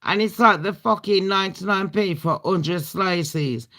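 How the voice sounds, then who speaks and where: A woman's voice: medium pitch, a little slow, a bit bright. A British woman hosting a casual storytime chat, blunt and full of swearing and laughing asides. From Britain. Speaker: livestream host.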